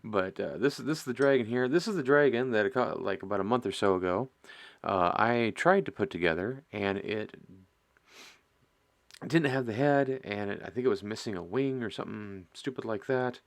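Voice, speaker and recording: Rambling middle-aged man with a low voice. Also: moderate pace. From Midwestern US. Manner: rambling, self-mocking, chuckles at himself. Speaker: host of a miniature painting stream. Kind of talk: casual chat while painting.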